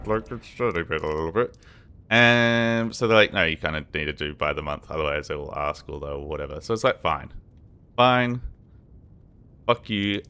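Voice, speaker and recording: A man's voice: sits low, sharp tone, clean tone. Tired, sweary gaming streamer guy. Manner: rambling, swears a lot, chatty asides to chat. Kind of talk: casual gaming stream chat.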